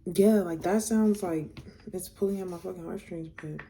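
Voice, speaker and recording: A woman's voice: lowish voice, moderate pace, creaky, background noise. A young woman casually telling a storytime to her viewers, reading out text messages, candid and blunt, swearing freely.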